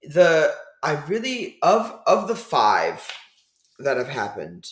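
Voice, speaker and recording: A man hosting a casual film review chat, hesitant and filling pauses with ums as he thinks aloud. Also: a little high, wildly swooping pitch, a bit bright, roomy sound, a little hiss or hum. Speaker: podcast host.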